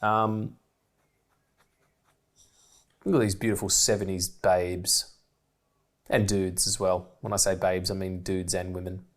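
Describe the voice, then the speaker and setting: Male podcast co-host from Australia, talks fast and manically, casual, sweary film-commentary rambler. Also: low-pitched. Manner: rambling, excitable, swears freely, laughs often.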